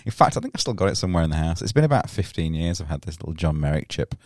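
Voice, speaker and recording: A man's voice: low voice, big pitch swings, very fast, a little mellow, dry recording, clean studio sound. A man co-hosting a podcast, teasing and laughing through casual banter. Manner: playful, teasing, laughs often. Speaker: podcast co-host.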